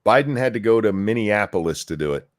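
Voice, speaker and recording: Lively, sarcastic man hosting. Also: fairly low pitch, fast. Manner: animated, sarcastic. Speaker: host. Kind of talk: casual political chat.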